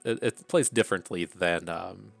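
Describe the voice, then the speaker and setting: A man's voice: low voice, moderate pace, creaky, soft background music. A man with an Appalachian accent casually thinking aloud through card draft picks, with many fillers and restarts. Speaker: card game content creator.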